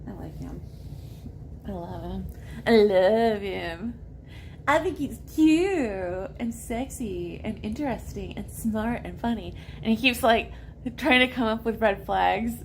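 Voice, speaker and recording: A woman in her forties vlogging in a casual chat to camera, rambling and halting with lots of fillers. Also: a little high, animated, slight background noise. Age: 40s.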